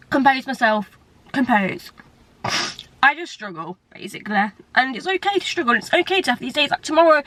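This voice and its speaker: A woman's voice: high-pitched, fairly bright tone, no room sound. A young English woman talking candidly to camera in a personal vlog, tearful and rambling. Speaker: vlogger.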